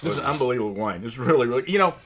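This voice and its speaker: A man's voice: medium pitch, animated, very fast, background noise. A man co-hosting a casual wine tasting chat, emphatic and joking.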